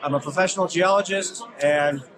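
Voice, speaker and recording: Brief: high-pitched man, relaxed vendor chat, loud crowd chatter behind. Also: brisk. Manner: relaxed, listing things with fillers. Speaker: mushroom farmer vendor. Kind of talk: casual interview. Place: outdoor expo booth.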